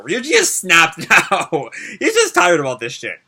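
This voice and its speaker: A man giving a casual live recap of a manga chapter, reading the dialogue aloud as he goes. His voice is very bright and a little high. He talks chattily, with plenty of "uh" and "like" and side comments. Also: wildly swooping pitch, unhurried, hardly any pauses, husky. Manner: recaps chattily with many fillers and asides; reads character dialogue aloud. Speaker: manga reaction host.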